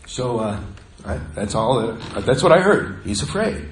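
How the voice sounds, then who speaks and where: Earnest preacher in an echoey sanctuary. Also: male voice, mid-range voice, lively intonation, unhurried, a little hiss or hum. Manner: earnest, conversational, drops to hushed tones. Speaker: pastor. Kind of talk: storytelling sermon. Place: church sanctuary.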